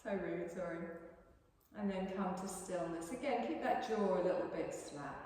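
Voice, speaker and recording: Soothing yoga teacher in an echoey hall. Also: female voice, on the low side, normal speed, far from the mic, slight background noise. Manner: calm, soothing, gently coaxing. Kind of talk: guided relaxation instruction. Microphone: distant room mic.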